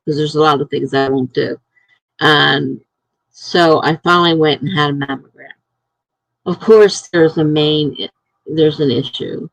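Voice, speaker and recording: A woman's voice: sits low, animated, a little slow, vocal fry, long pauses, no echo, rough recording. A middle-aged woman live streaming from home, chatting casually and telling stories, acting out what other people said. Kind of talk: casual chat.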